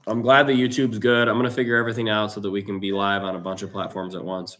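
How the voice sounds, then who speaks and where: Guy doing a live trading stream, kinda low voice, slangy and loose, just chatting with chat. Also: fast, hardly any pauses, fairly bright tone. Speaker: livestream trading host. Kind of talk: casual livestream chat to viewers.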